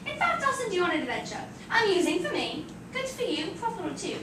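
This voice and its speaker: Girl playing an old wizard, grand and teasing, squeaky high and swooping, tinny far-off room sound. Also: very animated, quick pace. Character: old male wizard, mischievous and cryptic. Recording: echoey room, distant mic, noisy.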